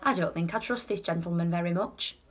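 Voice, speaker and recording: A woman voicing a suspicious, cranky old grandmother with a high croaking voice, reading a children's storybook aloud. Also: a little fast.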